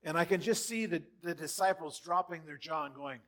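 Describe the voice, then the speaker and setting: Preacher guy in a church, kinda high voice, gets loud then drops way down, very animated. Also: brisk, hardly any pauses. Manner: animated, dramatic quoting with big swings in loudness. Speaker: pastor. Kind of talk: sermon.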